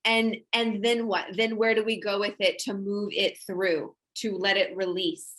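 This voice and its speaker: A woman's voice: medium pitch, little pitch movement, measured pace, a bit bright. Rambling woman interview host. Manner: rambling, many restarts. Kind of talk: casual interview chat.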